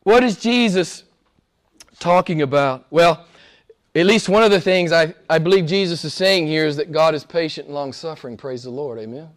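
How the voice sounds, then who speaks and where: Pastor preaching with dramatic dynamics. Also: male voice, fairly high pitch, normal speed. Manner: swings between soft near-whispers and loud emphatic preaching. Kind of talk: sermon.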